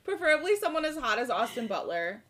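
Young woman co-host, high and bright, animated recapper with a loose mouth. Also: fast talker. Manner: animated storytelling, acts out characters, swears freely. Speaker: podcast co-host. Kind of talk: casual rewatch podcast chat.

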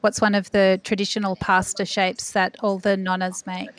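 A woman's voice: medium pitch, level tone, normal speed. A woman hosting a podcast interview, effusive and a little poetic. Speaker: podcast host.

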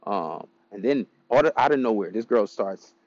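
A man's voice: fairly low pitch, animated, moderate pace, darkish tone, no room sound, dull audio. A man giving dating advice in a casual, rambling monologue, blunt and profane as he tells stories.

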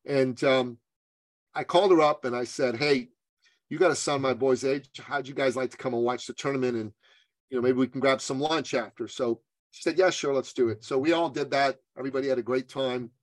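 Male business coach guest, animated storyteller, dry close sound. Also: mid-range voice, a little fast, dry recording. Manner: animated storyteller, acts out quotes. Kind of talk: storytelling interview answer.

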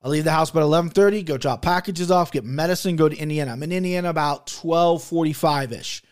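A young man hosting a sports betting podcast, talking in an animated, profane, rambling way. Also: on the high side, fast talker. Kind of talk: casual chat.

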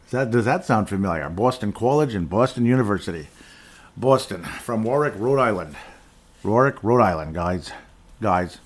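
A middle-aged man hosting a casual solo sports talk podcast, rambling and digressive with jokes, often clearing his throat. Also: on the low side, animated, moderate pace. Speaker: podcast host.

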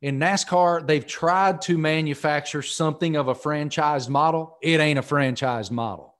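A man's voice: a little high, normal speed, a bit bright. A man hosting a podcast, explaining things to listeners in a folksy, casual way. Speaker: podcast host. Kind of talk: casual interview talk.

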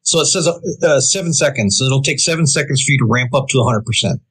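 A man's voice: mid-range voice, fast, a bit bright, slightly rough, rough recording. A man co-hosting a casual gaming podcast, rambling and hesitant, with many ums and restarts. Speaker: podcast co-host.

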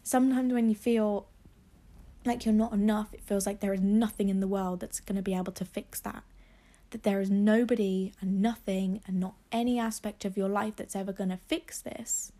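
A young woman hosts a solo podcast, offering tearful, emotional encouragement into a phone propped on her laptop desk. Her medium-pitched voice is warm and steady, moving at a normal speed through this heartfelt talk.

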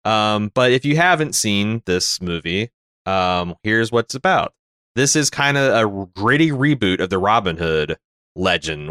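A North American man rambles through a casual film review with dry humor and plenty of restarts. His voice is bright and crisp. It sits close and dry, with no room around it. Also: lowish voice, no room sound. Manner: rambling, wry, many fillers and restarts. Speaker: podcast co-host. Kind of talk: casual movie review chat.

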